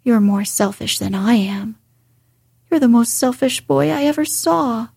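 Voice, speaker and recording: Woman reader playing a stubborn, fiery little girl; breathy, defiant storybook retorts. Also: a little high, a little slow, a little mellow, dry recording, clean studio sound, full character voice. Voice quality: breathy whisper. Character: fierce, obstinate young girl.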